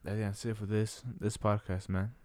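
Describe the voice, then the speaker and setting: A man co-hosting a laid-back podcast, talking loosely in slang. His voice sits on the low side, recorded close and dry with no room sound. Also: little pitch movement, brisk, darkish tone, dry recording. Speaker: podcast co-host. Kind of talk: casual podcast chat.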